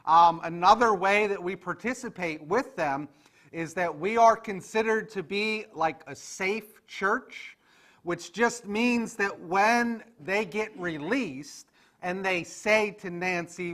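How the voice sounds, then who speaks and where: A man's voice: high voice, slow pace, a bit bright. A man leading an adult church class, speaking conversationally and often checking in with his listeners. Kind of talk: casual church class teaching.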